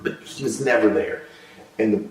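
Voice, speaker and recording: A man, a former military interrogator, telling stories in a measured conversational way and slowing down when he reflects. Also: on the low side. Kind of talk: conversational storytelling. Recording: echoey room, voice far from mic.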